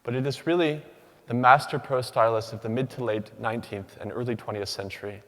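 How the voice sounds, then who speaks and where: A young man giving a prepared academic talk to an audience, speaking in a measured, rhythmic way with pauses between listed words. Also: medium pitch, fairly even intonation. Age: young adult. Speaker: PhD candidate giving a symposium talk. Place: large lecture hall. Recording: long reverb of a large hall.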